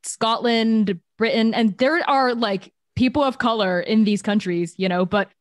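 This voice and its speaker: A woman's voice: a little high, unhurried, no echo, clean studio sound. A young adult woman speaking on a panel discussion, emphatic and casual, filling her talk with "like". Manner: emphatic, casual, heavy use of filler words.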